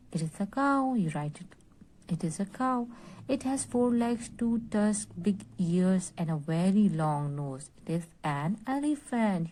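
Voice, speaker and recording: A woman's voice: medium pitch, dark tone. A woman teacher with a Pakistani English accent, reading a story aloud to a class and asking questions. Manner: reads aloud slowly, explaining and asking questions.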